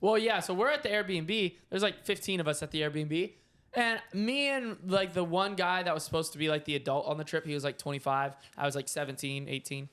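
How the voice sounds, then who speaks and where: A young man with a high voice tells his part of a story on a podcast. He keeps it relaxed and chatty. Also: brisk. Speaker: podcast co-host. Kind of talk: casual storytelling.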